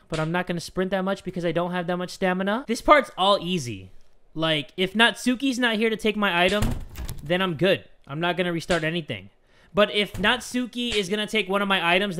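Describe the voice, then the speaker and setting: A young man giving excitable let's play commentary, swinging between whispers and shouts at the game. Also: high voice, slight background noise. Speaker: gaming YouTuber.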